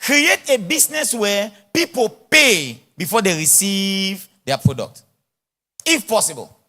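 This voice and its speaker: This conference sermon comes from a man whose voice is high-pitched and unhurried, delivered in a large church or conference hall. Animated and speaking with an influence, he slips into pidgin English and acts out short dialogues.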